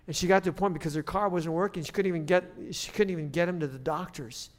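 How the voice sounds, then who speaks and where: A man preaching a sermon as pastor, conversational with restarts, rising to loud emphatic preaching. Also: fairly high pitch, fast.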